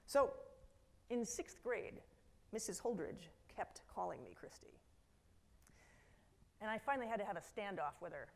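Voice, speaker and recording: A middle-aged keynote speaker tells stories in a lively way at a conference hall, slipping into quoted voices and asides to the audience. Her voice is mid-range and brisk, with vocal fry.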